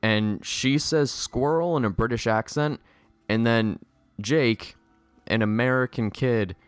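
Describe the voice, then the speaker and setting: A man's voice: medium pitch, fairly even intonation, takes it slowly, smooth, no room sound, soft background music. A young man reviewing a movie in a sarcastic, exasperated rant, swearing often. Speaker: video reviewer.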